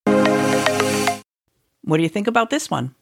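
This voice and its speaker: A woman's voice: mid-range voice, very animated, takes it slowly, vocal fry, no room sound, clean studio sound, soft background music. A woman teacher hosting an educational podcast, talking in a conversational way and musing aloud with the odd filler.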